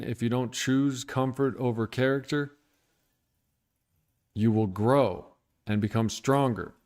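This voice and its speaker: In a candid livestream monologue, a recovery streamer addresses his audience directly, irritated and venting, blunt and occasionally profane. His smooth, resonant voice sits at an ordinary middle pitch with a darkish tone.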